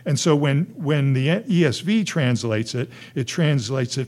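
A man delivers a sermon in an earnest pastoral voice at a middling pitch. He swings between rising, emphatic peaks and quiet, hushed asides. His phrasing is conversational and full of restarts. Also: animated, a little slow, few pauses.

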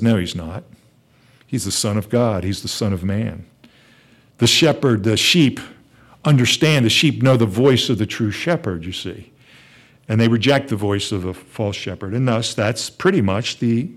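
A man preaching a sermon, explaining Bible verses with a teaching tone and some restarts. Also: on the low side. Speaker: pastor.

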